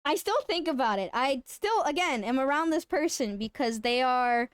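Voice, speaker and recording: A woman streamer telling a story in casual live-stream chat, animated and swearing freely. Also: sits high, normal speed, clear, resonant tone, no echo.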